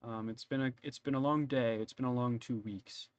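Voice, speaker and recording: A man's voice: medium pitch, fairly even intonation, normal speed, no room sound, muffled recording, natural voice. A man doing a weary pompous lord. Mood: formal. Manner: formal, apologetic, weary. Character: pompous male lord giving a formal speech.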